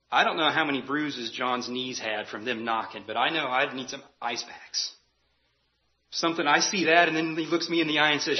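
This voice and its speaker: A man's voice: mid-range voice, moderate pace, lo-fi sound. A man preaching a sermon as pastor, earnest and emphatic, repeating key phrases for weight.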